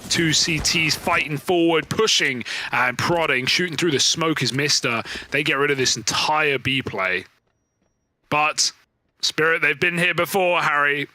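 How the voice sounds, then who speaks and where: A man calling an esports match play by play, rattling off the action in a quick, running description with the odd playful aside. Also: on the high side, sharp tone, no room sound. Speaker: esports caster. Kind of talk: play-by-play commentary.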